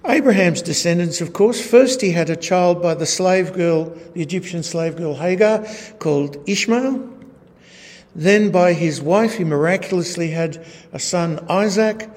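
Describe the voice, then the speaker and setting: A man gives a sermon-style Bible lesson, walking through slides. His voice sits a little high, and he keeps a wry tone, tossing in rhetorical tag questions. The sound carries a long reverb, as in a large hall. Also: unhurried, a little mellow. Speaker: Bible teacher. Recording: echoey hall.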